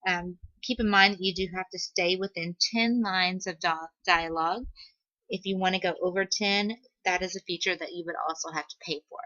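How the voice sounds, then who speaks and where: A woman teacher giving a patient, step-by-step screen-recorded software tutorial on a computer microphone, with "um" fillers. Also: fairly low pitch, steady tone, moderate pace, no echo, highs cut off.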